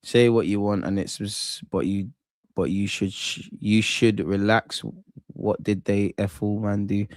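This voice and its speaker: A man streams his reaction to a football match, talking straight to his chat and to the players, his voice jumping between calm and loud outbursts. The sound is dry and close, with no room echo. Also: fairly low pitch, measured pace. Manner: excitable, swears, talks to chat and players. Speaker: football watchalong host.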